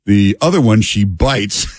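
A man hosting a talk radio show, reading ads and joking with his co-host in a relaxed, teasing way. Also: on the low side, slow, dry recording, clean studio sound. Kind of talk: casual radio banter and ad reads.

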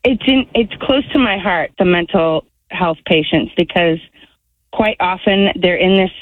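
A female caller speaking slowly and chattily, with her sentences trailing off. Her voice comes through a tinny, dry phone line. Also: fairly low pitch, no echo. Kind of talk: phoning in to a radio show.

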